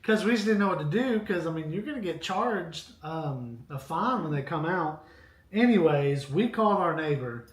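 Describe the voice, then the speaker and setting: A man co-hosting a casual live stream, telling a rambling, animated story with asides to viewers. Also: a little high, moderate pace. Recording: echoey room.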